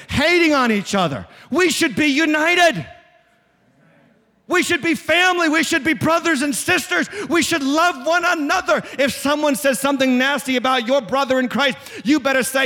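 A man preaches with a high-pitched, emphatic voice that climbs into shouts. His words ring through a church sanctuary with a long hall reverb. He keeps calling on the congregation to answer him. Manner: emphatic, rising to shouts, call-and-response. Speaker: pastor. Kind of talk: sermon.

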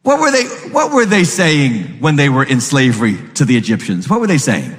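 A middle-aged man preaching a sermon as a pastor, animated and acting out voices with sudden jumps in pitch. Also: a little fast. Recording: long hall reverb.

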